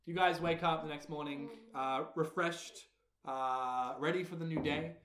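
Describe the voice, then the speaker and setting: A man's voice: fairly high pitch, measured pace, roomy sound. Young Australian man narrating a tabletop game. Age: young adult. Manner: animated, narrating with sound effects and character voices. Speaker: game master.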